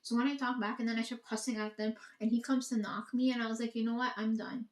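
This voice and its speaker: A woman's voice: fairly high pitch, little pitch movement, fast talker, a little mellow. A woman in a casual, profane monologue, ranting and quoting herself and her family. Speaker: vlogger. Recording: echoey room.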